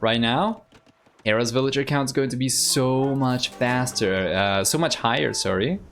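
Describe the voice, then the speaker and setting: A mid-range, fairly bright male voice comes through at a moderate pace, with slight background noise. He's an Argentine streamer and game caster, a native Spanish speaker, offering easygoing live strategy-game commentary while thinking aloud and chatting with viewers.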